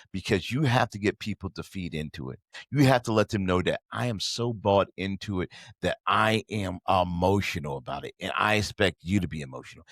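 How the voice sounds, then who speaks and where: A man's voice: sits low, dry recording, studio quality. A man hosting a podcast, giving a motivational business talk in an emphatic, preachy way and addressing listeners directly. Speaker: podcast host.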